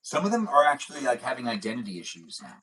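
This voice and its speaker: A man's voice: medium pitch, huge pitch swings, fast, pushed and bright, rough recording. Rambling man hosting a live stream. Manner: rambling, repeats his own catchphrases. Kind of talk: casual live stream chat.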